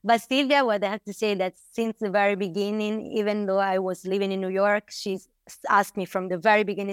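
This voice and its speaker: A woman's voice: mid-range voice, fairly even intonation, fairly quick, hardly any pauses, clean tone, no echo, studio quality. An Italian woman with an Italian accent, a winery co-owner chatting casually as an interview guest, laughing often and restarting words. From Italy.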